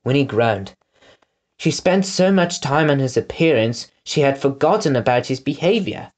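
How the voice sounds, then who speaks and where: A man reading a children's storybook aloud in an expressive, animated way. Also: medium pitch, moderate pace. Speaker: audiobook narrator. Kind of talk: storybook narration.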